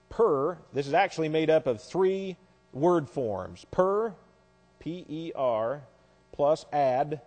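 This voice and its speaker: Brief: higher-pitched male pastor, emphatic teaching sermon with slow letter-by-letter spelling, long reverb from a large hall. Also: a little mellow.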